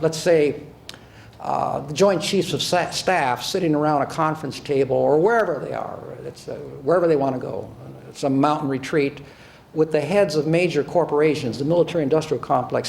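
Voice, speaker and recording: With a slightly high, darkish voice and noticeable vocal fry, an older American ex-prosecutor gives a speech to an audience. He's sarcastic and emphatic, regularly repeating words and starting them over.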